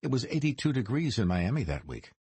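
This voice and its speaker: A man voicing a suave, dryly ironic mob boss's son in his forties, speaking smooth and deliberate in an audiobook. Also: medium pitch, sing-song, a little mellow, no echo, pitched above the performer's own voice, heavily acted. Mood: measured. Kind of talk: audiobook character reading.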